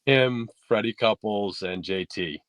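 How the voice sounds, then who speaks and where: A man from New tells golf stories in a loose, easygoing way, stopping and restarting often. His voice sits fairly low and sounds dry and close, with no room echo. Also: a little slow. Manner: relaxed storytelling with fillers and restarts. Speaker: podcast guest, golf instructor. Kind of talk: casual interview chat. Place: podcast studio.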